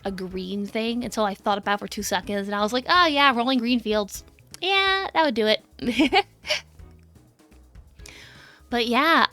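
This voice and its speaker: Bright, high-pitched bubbly streamer woman. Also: no echo. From United States. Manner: bubbly, giggly, greets chat by name. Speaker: VTuber streamer. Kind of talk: casual stream chat.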